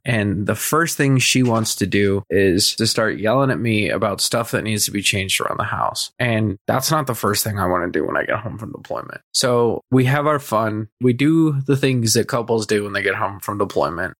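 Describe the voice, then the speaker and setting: A man's voice: mid-range voice, fairly bright tone, no room sound. Young man host, casual storytelling, swears freely, acts out the quoted lines, dry close sound. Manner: blunt, profane, acts out both sides of quoted arguments. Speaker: podcast host.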